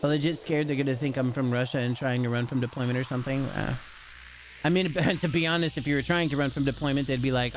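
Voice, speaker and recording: Joking, profane streamer. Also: male voice, medium pitch, steady tone, fast, a little hiss or hum. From Chicago, US. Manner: joking, profane, laid-back. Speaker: livestreamer. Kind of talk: casual chat with viewers. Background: music.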